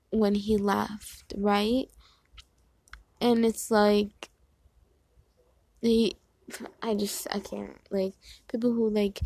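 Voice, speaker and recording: A woman's voice: medium pitch, gravelly, mellow, slightly rough, no echo. A young woman in casual chat, telling a rambling, exasperated story and acting out other people in quoted asides. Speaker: vlogger.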